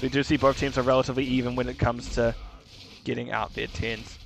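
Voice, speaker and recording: A man's voice: medium pitch, flat delivery, vocal fry, a little hiss or hum. New Zealand man casting esports live. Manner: rapid play-by-play, casual asides. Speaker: esports caster.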